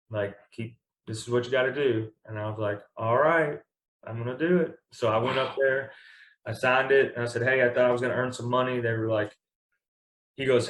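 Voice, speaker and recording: A young man from Kentucky telling stories as a guest in a casual interview, rambling and full of fillers. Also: mid-range voice. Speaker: baseball pitcher, guest. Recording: echoey room.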